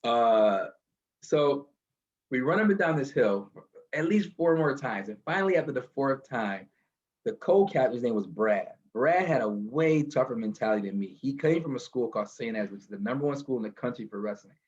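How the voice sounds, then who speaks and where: A man telling a motivational story from his car, animated and building to a lesson, over a video call. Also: mid-range voice, normal speed, lo-fi sound. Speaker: guest speaker.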